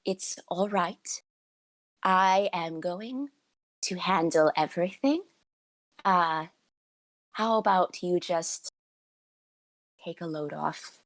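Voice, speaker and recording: A woman's voice: fairly low pitch, measured pace, no room sound. A woman voicing a poised young noble bride who answers with polite, slightly strained courtesy, in a dry, close recording. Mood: reassuring.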